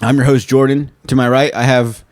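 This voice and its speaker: A man's voice: medium pitch, level tone, fairly quick, dry recording, clean studio sound. A man hosting a casual comedy podcast, teasing his co-host and laughing often.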